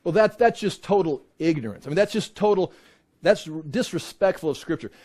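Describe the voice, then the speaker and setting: A middle-aged man teaches a Bible class with a lot of energy. His voice sits high and jumps around a lot in pitch. He slips in sarcastic asides and mock voices as he explains. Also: lively intonation, brisk, a little mellow.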